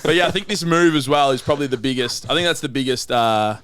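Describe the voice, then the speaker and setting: A man's voice: medium pitch, quick pace, fairly bright tone. A young Australian man hosting a casual podcast, telling loose, sweary stories. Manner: loose, sweary storytelling with laughs. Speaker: gym owner and podcast host.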